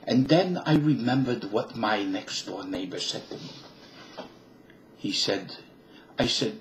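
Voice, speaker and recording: A man's voice: mid-range voice, unhurried, creaky, poor audio. A man vlogging alone to his webcam, musing in a rambling way and slipping between put-on accents. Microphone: webcam mic.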